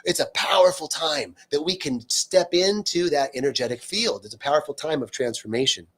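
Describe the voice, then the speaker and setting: A man's voice: on the high side, lively intonation, fairly quick, fairly bright tone. A man hosting a live-streamed spiritual talk, speaking earnestly and unscripted, repeating words for emphasis and reading out viewer comments. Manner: loose and unscripted, frequent fillers and restarts.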